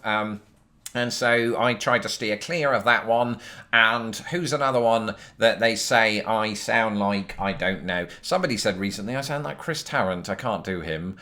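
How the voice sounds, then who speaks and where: British man, lowish voice, casual vlog chat, rambling, self-mocking, filler-heavy, phone mic. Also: normal speed, sharp tone. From Britain. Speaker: YouTube host answering viewer questions.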